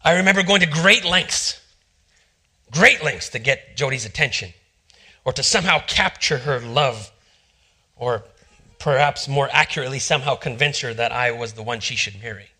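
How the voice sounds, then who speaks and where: A middle-aged male pastor preaching a sermon, telling a personal story and acting out the quotes in hushed voices. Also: mid-range voice, animated, moderate pace, breathy edge.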